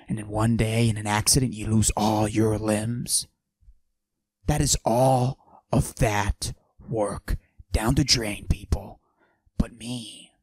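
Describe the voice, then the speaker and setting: A man doing a cocky macho character who forces his voice deep and breathy, in a comedic podcast monologue. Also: no room sound, exaggerated voice. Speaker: podcast host.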